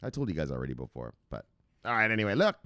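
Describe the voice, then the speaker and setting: A low-voiced man riffs through a casual crypto market rundown, swinging his pitch up and down as he chants sing-song refrains. He swears freely and keeps things loose and playful. The sound is dry and close, with no room echo. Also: very animated, racing, sharp tone. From United States. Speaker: crypto news show host.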